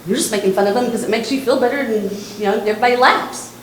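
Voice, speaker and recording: A middle-aged woman with a Texan accent talks to young people in an earnest, repetitive, direct way, her voice set a little high. She is recorded in an echoey church hall with faint room ambience. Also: racing, a little hiss or hum. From Texas. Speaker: suicide prevention speaker. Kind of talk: talk to church students.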